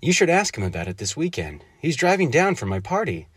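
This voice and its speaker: A man reading a story aloud, voicing a gentle, teasing father who speaks fondly to his young daughter. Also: on the high side, huge pitch swings, a little fast, slightly rough, no echo, voice pushed up, exaggerated voice. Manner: warm fatherly tone, stern bursts when scaring the bird.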